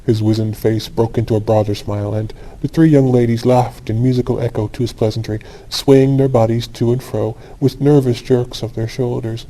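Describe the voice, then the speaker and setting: A man narrating a classic short story as a sleep audiobook, in a calm, even, unhurried reading. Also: medium pitch, low-quality recording.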